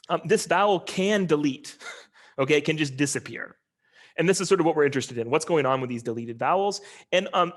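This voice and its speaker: In a relaxed video-call lecture on linguistics, a man talks conversationally, filling his speech with many ums and uhs. His voice leans toward the high side.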